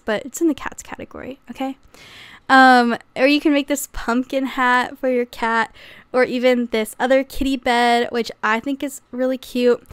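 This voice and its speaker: A woman's voice: on the high side, fairly bright tone, smooth, no room sound. A young woman vlogging casually to camera about crochet patterns, chatty and prone to fits of laughter. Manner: giggly, bursts into laughter, says okay often.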